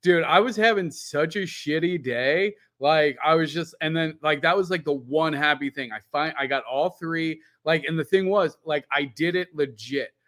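Chatty man with a slightly high voice. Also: moderate pace, hardly any pauses. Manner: animated, rambling storyteller with lots of "like"; swears casually. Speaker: podcast co-host. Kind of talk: casual chat.

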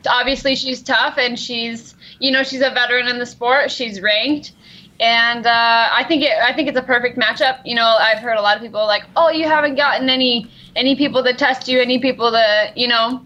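A woman's voice: a little high, steady tone, a little fast, pushed and bright. A woman guest answering interview questions in an easygoing way, with many fillers, over a remote call. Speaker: guest fighter. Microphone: remote call line. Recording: dull call-line audio.

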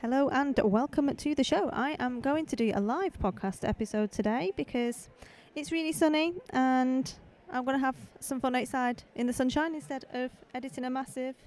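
A woman's voice: sits high, normal speed, hardly any pauses, a little mellow. A woman hosting a casual live podcast as she walks around festival stalls outdoors, chatting in a rambling, friendly way into a handheld microphone. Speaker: podcast host.

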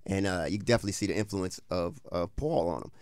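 A man is talking in a casual interview, telling stories and doing the voices of the people in them. His pitch jumps around a lot as he tells them. The sound is dry and close, with no room echo. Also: fast. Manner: animated storyteller, acts out voices in anecdotes. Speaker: comedian guest.

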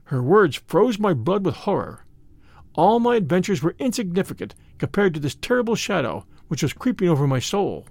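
A man narrates a story in a measured, expressive way. His voice sits slightly high and moves lively in pitch. The recording is close and dry. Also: creaky, dry recording. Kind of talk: audiobook narration.

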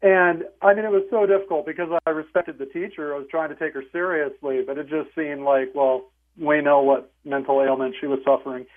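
A man's voice: on the high side, steady tone, a little fast. A man in his forties calling in to a radio show and telling a story in a dry, wry way. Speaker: caller. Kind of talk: phone-in storytelling. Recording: tinny phone line.

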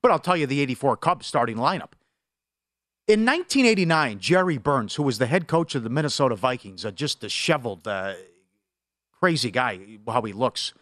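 A middle-aged man co-hosting a sports betting show, telling stories in an animated, rambling way. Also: medium pitch, brisk, no room sound, studio quality. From Superior, Wisconsin. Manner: animated, storytelling, jumps between topics. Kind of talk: casual sports radio banter.

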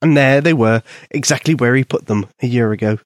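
A man gently narrating a bedtime story for young children in an expressive storytelling manner. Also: mid-range voice, brisk, dry recording, studio quality.

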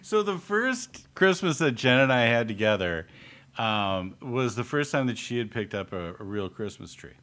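A man co-hosting a relaxed faith podcast, his voice at an ordinary middle pitch. He tells everyday stories in a loose, chatty way and slips into the voices of the people he quotes, laughing along as he goes. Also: normal speed. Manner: storytelling, acts out quoted people, laughs often. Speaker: podcast co-host. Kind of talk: casual chat.

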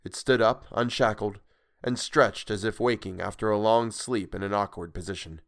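A man narrates a storybook in a measured, expressive way. His voice sits fairly low, and he reads the text with care. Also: vocal fry, dry recording, clean studio sound.

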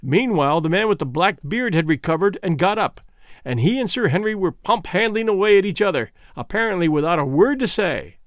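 Expressive male audiobook narrator. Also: high-pitched, dry recording, studio quality. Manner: measured first-person storytelling. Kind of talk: scripted narration.

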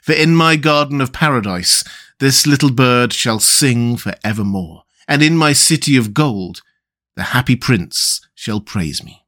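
Figure: a man voicing God, slow and solemn. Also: mid-range voice, expressive, a bit bright. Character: solemn, majestic God speaking to an angel.

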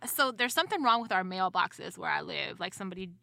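A young adult woman telling a story with heavy swearing in a casual podcast chat, animated in her storytelling. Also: medium pitch, quick pace, vocal fry, no echo.

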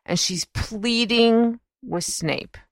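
A woman's voice: fairly high pitch, very slow, no echo, clean studio sound. A woman co-hosting a casual book discussion podcast, thoughtful and earnest. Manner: thoughtful, earnest, asks questions.

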